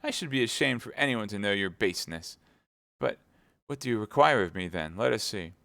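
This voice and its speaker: A man voices a cowardly, self-satisfied merchant of fifty with a low, gravelly tone. The delivery is pompous, and the recording is dry and close. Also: animated, brisk, a bit bright, dry recording. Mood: flustered. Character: fifty-year-old mercer, cowardly, greedy, pompous.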